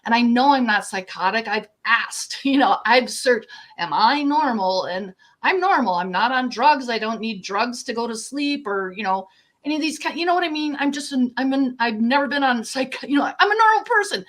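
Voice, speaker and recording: A woman's voice: high-pitched, expressive, moderate pace, fairly bright tone. An older woman talking as an interview guest, earnest and rambling, a little emotional and given to laughing mid-sentence. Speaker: guest, contactee. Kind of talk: casual interview conversation.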